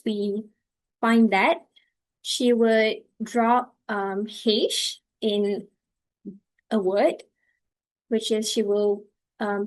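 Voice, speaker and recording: A woman student presenting her part of a class project, halting and using fillers as she explains. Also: fairly high pitch, a little mellow, rough recording. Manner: halting, with fillers and slow stretches.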